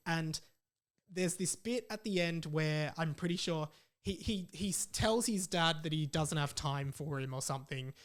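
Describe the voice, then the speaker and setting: A man from Australia hosting a solo podcast, chatting in a rambling, enthusiastic way. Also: high-pitched. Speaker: podcast host. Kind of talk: casual solo podcast chat.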